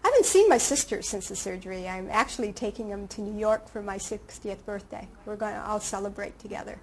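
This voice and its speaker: A woman in her late fifties, a surgery patient, talking casually in an interview with halting restarts. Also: medium pitch, breathy edge, rough recording. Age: late 50s. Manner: conversational, hesitant restarts and fillers.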